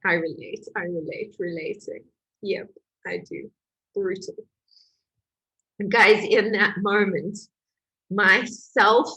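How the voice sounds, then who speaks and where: A woman who is a healing coach, telling her own story in an emotional, animated way with laughs. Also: mid-range voice, husky, poor audio. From Portugal. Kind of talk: personal testimony to camera.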